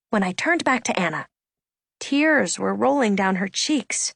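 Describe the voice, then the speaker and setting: A woman narrating a first-person story aloud with expressive, emotional delivery. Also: medium pitch, unhurried, gravelly, no room sound, studio quality. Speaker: audiobook narrator.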